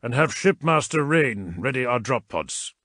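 A man's voice: medium pitch, big pitch swings, unhurried, no room sound, clean studio sound, pitched above the performer's own voice, heavily acted. A man voicing a tormented fallen warrior-chaplain. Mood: commanding. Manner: swings from hushed pleading to roaring.

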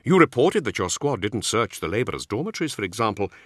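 A man's voice: fairly low pitch, very animated, fast talker, a bit bright, no echo, studio quality. A man reading as a cool scholarly librarian-monk. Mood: reasoning.

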